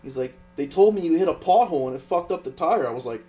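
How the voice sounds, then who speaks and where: A man's voice: a little high, fast. A young man, a podcast co-host, telling a profane road story in casual chat. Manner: profane, animated anecdote telling.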